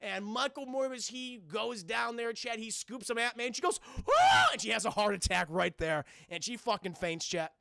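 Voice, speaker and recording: A man recounting a cartoon episode to his live chat in a casual, animated, profane way. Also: high voice, moderate pace, gravelly, hardly any pauses, no echo, studio quality. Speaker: streamer and reviewer.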